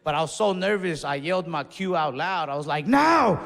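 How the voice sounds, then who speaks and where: A young man telling a stand-up story in a laid-back, swearing way, acting out his own yells. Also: on the high side, fairly quick. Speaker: stand-up comedian. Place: comedy club stage. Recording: live stage recording in a reverberant hall.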